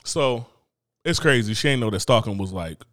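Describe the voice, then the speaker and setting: Guy on a podcast, swings his pitch all over, cussing and joking, dry close mic. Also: moderate pace, no echo. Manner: animated, profane, acts out voices. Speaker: podcast co-host. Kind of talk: casual comedic chat. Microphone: studio mic, close.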